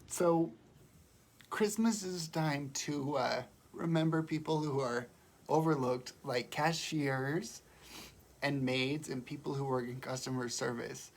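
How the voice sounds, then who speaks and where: A woman's voice: deep voice, slow. A woman with a cold on a casual livestream from home, sounding congested and fighting back tears as she talks. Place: home, indoors. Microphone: phone or webcam on a live video.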